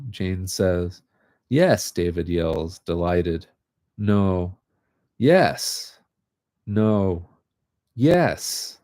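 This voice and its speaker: A man reading literary short stories aloud in a calm, unhurried way, chatting casually between them. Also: lowish voice, no echo, clean studio sound. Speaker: reader of short fiction. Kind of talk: live reading of literary fiction.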